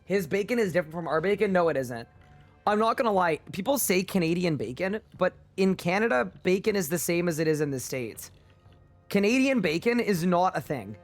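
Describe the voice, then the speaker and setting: A man's voice: sits high, animated, fairly quick. Male streamer, casual live chat, playful incredulous banter, faint music behind. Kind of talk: casual livestream chat with viewers.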